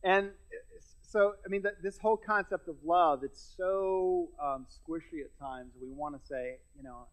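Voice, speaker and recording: A man's voice: on the high side, fairly even intonation, normal speed, fairly bright tone, low-quality recording. A middle-aged man preaching a sermon as pastor, conversational with self-deprecating humor and frequent restarts. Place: church sanctuary.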